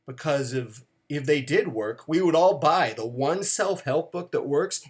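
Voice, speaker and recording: A middle-aged man talking to his viewers in a wry, self-mocking way, with sudden dramatic swings in pitch. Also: animated, measured pace, few pauses, slightly rough. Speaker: watch vlogger. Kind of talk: casual monologue to camera.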